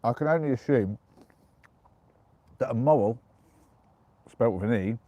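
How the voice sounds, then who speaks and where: An English man chatting casually on a live stream from the dark woods at night, giggling as he reads out viewer jokes. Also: mid-range voice, measured pace, no room sound, highs cut off. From England.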